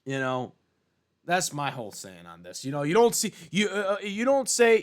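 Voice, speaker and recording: A man's voice: high-pitched, lively intonation, normal speed. A young man giving a casual, profane opinion rant about sports, with many fillers and restarts. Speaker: sports commentator vlogger.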